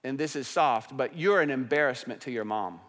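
A male pastor delivers a sermon at a middle pitch, his voice carrying a long hall reverb. He talks conversationally, dropping to quiet asides and then rising into emphatic, louder stretches. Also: moderate pace. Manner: conversational preaching, swings from hushed to emphatic. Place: church sanctuary.

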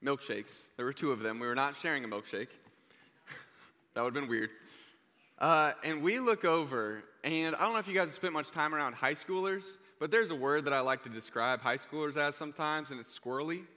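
A young man preaching to a youth group, telling a story in a lively, joking way. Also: on the high side, brisk. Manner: energetic, joking, conversational. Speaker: youth pastor. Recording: reverberant hall.

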